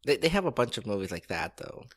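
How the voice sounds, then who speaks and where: A man co-hosting a podcast in laid-back casual chat, giving brief agreeing replies and halting with fillers. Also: mid-range voice, very animated, fairly bright tone, slightly rough, dry recording. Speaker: podcast co-host.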